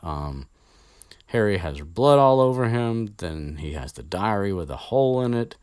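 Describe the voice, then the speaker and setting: A man's voice: on the low side, sing-song, a little slow, a little mellow, smooth, no echo. A man casually retelling a story as podcast host, rambling with swearing and many fillers, close to the mic.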